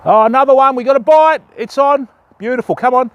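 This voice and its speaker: An Australian man with a fairly high-pitched voice hosts a live fishing stream outdoors. He chats easily with his viewers and walks them through baiting and rigging step by step. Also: fairly quick, clean tone, no echo. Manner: chatty, explains rigs to viewers step by step. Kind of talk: casual live-stream chat while fishing. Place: outdoors on a river bank at dusk.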